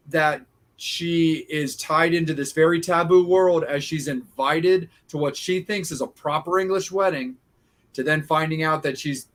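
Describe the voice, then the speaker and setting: A man with a somewhat high voice hosting a relaxed podcast chat. He stumbles through restarts as he works toward his point. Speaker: host.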